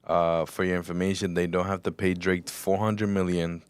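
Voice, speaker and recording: A man's voice: low voice, level tone, normal speed, smooth, no room sound. A man on a podcast reading out viewer comments in a matter-of-fact way. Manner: matter-of-fact, relays what people say.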